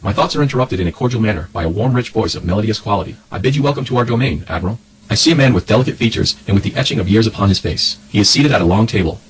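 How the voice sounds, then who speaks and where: Male narrator, diary reading, rapid and businesslike, slightly low register. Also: lively intonation, breathy edge, rough recording. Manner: brisk, matter-of-fact log reading. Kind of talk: scripted narration of a flight diary.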